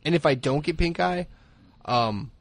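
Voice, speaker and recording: A man co-hosting a podcast, rambling through casual comedic chat, self-mocking and quick to laugh. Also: on the high side, expressive, dry recording. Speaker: podcast co-host.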